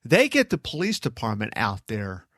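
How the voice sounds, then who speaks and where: A man's voice: mid-range voice, wildly swooping pitch, moderate pace, fairly bright tone, dry recording, studio quality. A man co-hosting a podcast who chats casually and chimes in with wry, teasing remarks. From South Jersey, USA. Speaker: podcast co-host. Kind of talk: casual chat.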